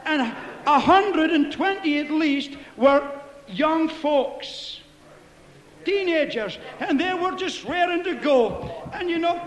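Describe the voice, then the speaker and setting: A man preaching a fervent Pentecostal sermon, telling stories and shouting hallelujahs. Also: extremely high pitch, animated, slow pace, echoey room, long reverb tail. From Scotland.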